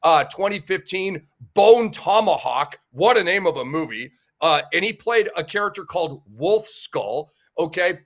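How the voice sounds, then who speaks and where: High-pitched male host with a head cold, eager and joking, loose casual delivery. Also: expressive, a little slow, hardly any pauses, fairly bright tone. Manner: enthusiastic, jokey, with frequent fillers and restarts. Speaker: sports debate show host. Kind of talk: casual talk-show hosting.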